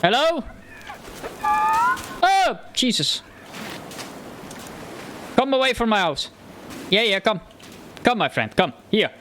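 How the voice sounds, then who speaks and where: A man's voice: high-pitched, sing-song, measured pace, pauses often, pushed and bright, a little hiss or hum. A man commenting on his own gameplay, muttering nervously to himself and yelping when scared. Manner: jumpy, frightened muttering to himself. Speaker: gamer. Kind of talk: let's play commentary.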